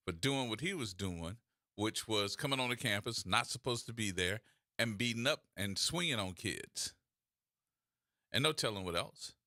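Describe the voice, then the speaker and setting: A man's voice: fairly low pitch, bright, forceful tone, dry recording, clean studio sound. A man hosting a radio talk show, delivering opinionated commentary full of sarcastic rhetorical questions.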